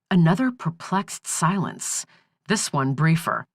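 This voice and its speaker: A woman narrating an audiobook thriller in a measured, expressive reading. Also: sits low, dry recording, studio quality. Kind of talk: scripted narration.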